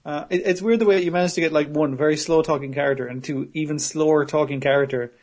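Higher-voiced man swearing in casual chat. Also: steady tone, fast talker, darkish tone. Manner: swearing, laughing, quoting characters. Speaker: podcast co-host. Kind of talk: casual anime recap chat.

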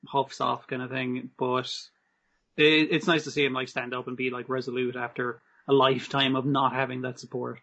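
A man's voice: mid-range voice, little pitch movement, moderate pace, bright, forceful tone. A man, co-hosting a podcast, chatting casually about an anime and swearing freely. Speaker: podcast co-host. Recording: slightly dull lo-fi recording.

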